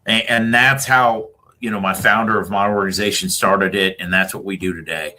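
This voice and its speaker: A middle-aged man speaks as a podcast guest and tells his story in an emphatic way. His voice is on the low side and sounds bright and forceful. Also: steady tone, a little fast. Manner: storytelling, emphatic closing message. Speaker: retired Marine officer guest. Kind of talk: podcast interview.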